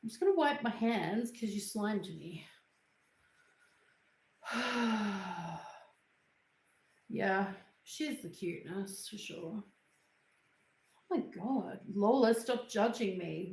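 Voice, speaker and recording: A woman's voice: mid-range voice, animated, takes it slowly, vocal fry, pauses often, a little mellow, echoey room. A woman hosting a casual livestream from home, chatting loosely and cooing at and scolding her dog. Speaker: livestream host. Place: at home, indoors.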